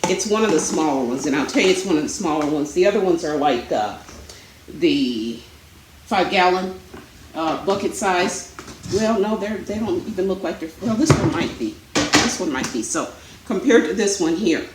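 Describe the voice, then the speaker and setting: A woman talks to her viewers from her home, a little out of breath, rambling with plenty of ums and uhs. Her voice sits slightly low. The room is echoey, with a faint hum behind her. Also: moderate pace. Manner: chatty, rambling, many fillers. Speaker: vlogger. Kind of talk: casual chat. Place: home, indoors.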